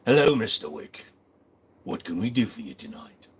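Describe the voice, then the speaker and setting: A man's voice: lowish voice, big pitch swings, normal speed, husky, voice pushed down, heavily acted. A man doing a stiff posh concierge. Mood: mock formal.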